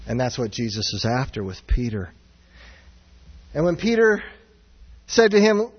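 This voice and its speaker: A man preaching a sermon as pastor, earnest and searching, swinging from raised, near-shouted passages down to low, quiet ones. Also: lively intonation, normal speed, breathy edge. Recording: dull sound with long hall reverb.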